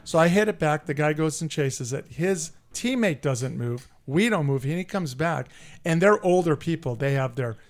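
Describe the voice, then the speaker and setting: A middle-aged man telling a story on a sports podcast with a voice a bit higher than most men's. He talks in a blunt, profane and animated way, building the tale up with plenty of attitude. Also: moderate pace. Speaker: podcast host. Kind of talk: casual sports chat and storytelling.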